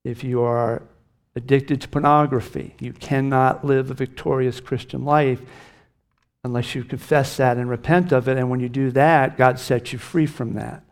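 A man's voice: mid-range voice, fairly even intonation, normal speed. Middle-aged male pastor, earnest emphatic sermon delivery, mid-range voice. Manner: earnest, emphatic preaching with lifts on key phrases.

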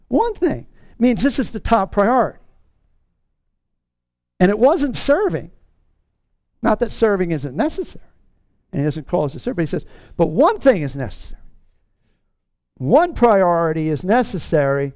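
A middle-aged man preaching a sermon in an earnest tone, stretching out key words slowly for emphasis. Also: high-pitched, big pitch swings, a little mellow, no echo. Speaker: pastor.

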